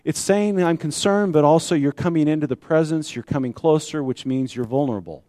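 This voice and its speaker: A man's voice: a little high, fairly quick, dark tone, dry recording. Conversational male pastor, dry sound. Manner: conversational storytelling with rhetorical questions. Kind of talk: sermon.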